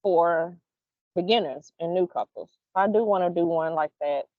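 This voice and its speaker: A woman co-hosting a podcast in casual chat, blunt and profane, telling stories with animated energy. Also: on the low side, normal speed, no room sound. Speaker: podcast co-host. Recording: dull, dry lo-fi sound.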